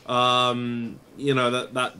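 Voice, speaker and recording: A man's voice: mid-range voice, monotone, takes it slowly, pushed and bright, slight background noise. Opinionated man in a podcast. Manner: opinionated, emphatic, profane, with many restarts. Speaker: guest commentator. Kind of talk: casual podcast discussion.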